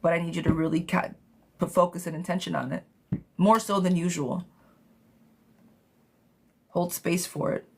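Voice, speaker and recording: Woman tarot reader on a live stream, lowish voice, chatty and affectionate, with a noisy, clicky recording. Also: steady tone, moderate pace, vocal fry, pauses often, darkish tone. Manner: chatty, affectionate, calls viewers darling and sweetheart.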